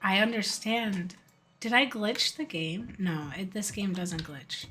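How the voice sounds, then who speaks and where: A woman's voice: medium pitch, slow, sharp tone, slight background noise. A woman streaming a game live, chatty and joking as she talks to her chat. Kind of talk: casual live game commentary.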